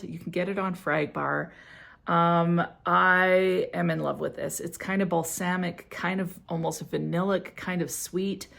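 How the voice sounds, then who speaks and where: A woman's voice: lowish voice, vocal fry. A middle-aged woman casually reviewing perfumes in a chatty, giggly, gushing way. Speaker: fragrance reviewer.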